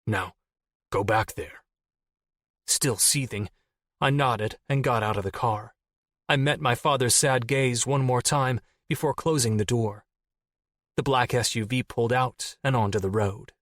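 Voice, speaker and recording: A man's voice: medium pitch, steady tone, normal speed, a bit bright, dry recording, studio quality. A man reading a first-person audiobook in an intense, restrained way. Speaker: audiobook narrator.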